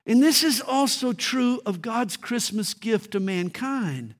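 A man's voice: very high voice, lively intonation, slow pace, few pauses. A man preaching a Christmas sermon, telling stories dramatically and shifting his tempo.

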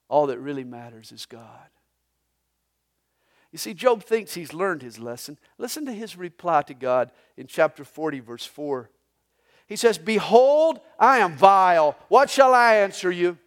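A man with a Southern US accent preaching a live sermon as pastor. He talks in an animated way, rising loud for God's lines and dropping to a hush. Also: a little high, a little slow. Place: church service.

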